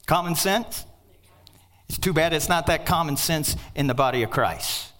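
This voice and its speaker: A man's voice: a little high, normal speed. Emphatic older male preacher. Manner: emphatic preaching with sudden shouts and asides. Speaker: pastor. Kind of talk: sermon.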